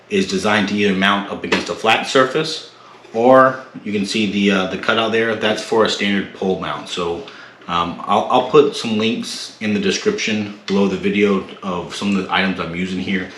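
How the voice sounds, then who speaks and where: Male tech host, deep voice, casual unboxing, echoey room with faint hiss. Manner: relaxed, many fillers and restarts. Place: home room.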